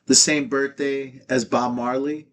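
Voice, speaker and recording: A man's voice: medium pitch, flat delivery, measured pace, fairly bright tone. A man in his thirties, a comedian guest on a podcast, telling casual stories with lots of laughter and swearing, acting out the people in them. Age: 30s. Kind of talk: casual storytelling chat.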